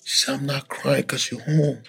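A man on a podcast telling a hard personal story with lots of emotion, acting out other people's voices in loud high bursts. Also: normal speed, vocal fry, slightly rough. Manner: animated, acts out voices and shouts in high bursts. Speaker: podcast guest sharing his story.

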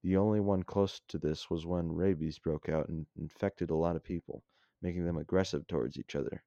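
A man reading an uneasy young soldier, low and dull-toned. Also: fairly even intonation, fairly quick, mellow, no room sound.

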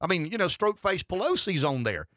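A man's voice: high voice, big pitch swings, brisk, bright, forceful tone, no room sound, clean studio sound. A middle-aged man hosting a political talk radio show, rambling and wry, with lots of restarts. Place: radio studio.

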